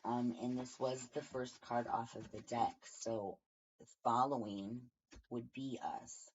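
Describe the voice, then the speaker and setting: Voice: medium pitch, takes it slowly, slight background noise. A tarot reader giving a casual daily reading from home, rambling and thinking aloud with many fillers. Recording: dull lo-fi recording.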